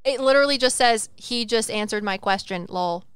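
A young woman co-hosts a casual podcast in the role of psychic medium, chatting in a lively, wandering way, swearing and acting out quotes in different voices. Her voice is on the high side, clear and resonant, at a moderate pace, in a dry recording.

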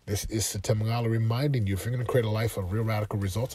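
A man's voice: lowish voice, steady tone, rapid-fire, darkish tone, soft background music. A man hosting a motivational talk, speaking in an emphatic, repetitive, exhorting way to his listeners. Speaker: motivational podcast host. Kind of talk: motivational monologue.

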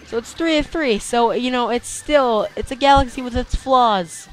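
A young man giving gameplay commentary, tired and yawning, complaining one moment and yelping with excitement the next. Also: extremely high pitch, moderate pace. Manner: excitable, complaining, with sudden yelps. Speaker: let's play host. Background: faint game music.

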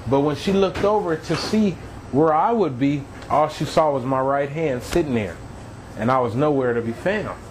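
A man telling his own near-death story as a testimony, earnest and animated, acting out what others said. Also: on the high side, moderate pace, a little hiss or hum, low-quality recording. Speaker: testimony speaker. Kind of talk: personal testimony.

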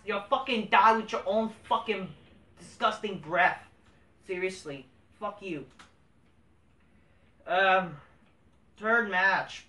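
Profane, ranting man with a bright voice. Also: high-pitched, recorded from a distance. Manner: profane, ranting, swings between muttering and heated outbursts. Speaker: host of a wrestling review channel. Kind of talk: casual solo review vlog. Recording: roomy sound, away from the mic.

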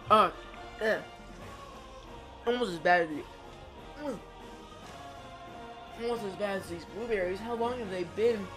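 Speaking at a medium pitch, this female YouTuber reacts to a game trailer. She gushes excitedly, throwing in loud exclamations and playful jokes.

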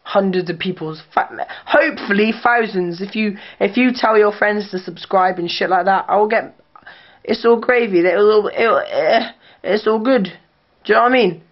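A man's voice: high-pitched, normal speed. A drunk young man rambling in slang as he films his own vlog. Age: young adult. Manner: slurred boastful slang-heavy rambling. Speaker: vlogger. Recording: dull lo-fi camera audio.

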